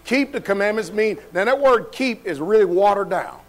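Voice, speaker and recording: A pastor with a high voice preaches to his congregation in a church. He talks in a loose, colloquial way and keeps putting questions to the room. He moves between loud and quiet as he preaches. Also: animated, normal speed, low-quality recording. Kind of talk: sermon. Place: church sanctuary.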